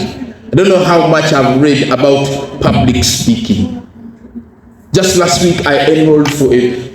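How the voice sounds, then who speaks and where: A man's voice: on the high side, darkish tone. Emphatic man in an echoey hall. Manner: emphatic, asks the audience questions and repeats key phrases. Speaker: guest speaker; educationalist. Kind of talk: motivational talk to students. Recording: echoey hall, speaker far from mic.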